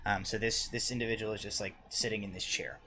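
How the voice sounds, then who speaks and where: Man, game master narration, low voice, hesitant, filler-heavy, slight noise. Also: steady tone, fast, pushed and bright. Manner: hesitant, many ums and uhs.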